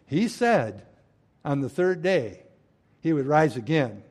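A man delivering a sermon in a fairly high voice. He preaches emphatically, pushing key phrases out loudly and then sinking into soft, hushed lines. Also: sing-song, slow. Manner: emphatic preaching, swinging between loud stresses and hushed drops. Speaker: pastor.

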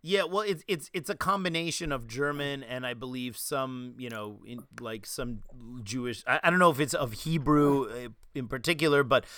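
A man hosting a casual chat, an animated storyteller who laughs easily and mimics accents. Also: mid-range voice, normal speed, hardly any pauses, clean tone, no echo. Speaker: martial arts instructor and podcast host.

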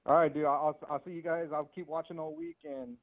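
A man calls in to a podcast, friendly and a bit halting, dropping casual swears. He comes through a thin, tinny phone line. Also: a little high, very animated, creaky. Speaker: caller. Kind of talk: casual chat.

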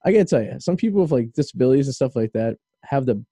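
Male talk radio host: deep, dark tone, dry close sound, loose rambling chatter. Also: lively intonation, fast talker, dry recording. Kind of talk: casual chat.

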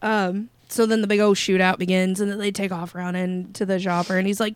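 A woman's voice: mid-range voice, little pitch movement, brisk, clear, resonant tone, no echo. Podcast co-host, female, loose and profane, laughs while recapping, dry close-mic sound. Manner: casual and profane, laughs, acts out quotes. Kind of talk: casual movie recap chat.

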